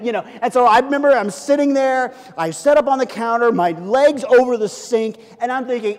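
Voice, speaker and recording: Middle-aged male pastor, high-pitched, chatty storytelling preacher, big reverberant church hall. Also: brisk, hardly any pauses. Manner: animated storytelling, chatty with fillers. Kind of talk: sermon. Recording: long reverb of a large hall.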